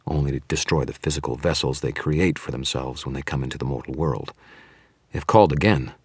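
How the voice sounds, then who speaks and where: An audiobook narrator with a very deep, husky male voice reads scripted narration in a measured, dramatic storytelling style, with no echo.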